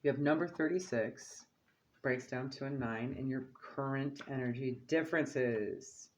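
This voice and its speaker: A man's voice: medium pitch, measured pace, slight background noise, poor audio. A man giving a casual oracle card reading, who chats along and keeps checking in with "okay?" and "right?". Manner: chatty, asks "okay?" and "right?" often.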